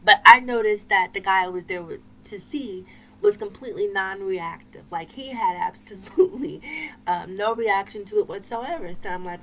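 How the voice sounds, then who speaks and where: A woman vlogger telling a personal story to camera in an expressive, emphatic way with wry asides. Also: mid-range voice, moderate pace, slight background noise, poor audio.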